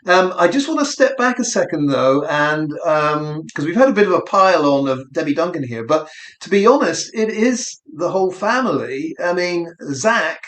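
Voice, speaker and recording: A man's voice: a little high, expressive, moderate pace, a bit bright. A man co-hosting a livestream, giving earnest, reflective commentary on a case. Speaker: livestream co-host. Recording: echoey room.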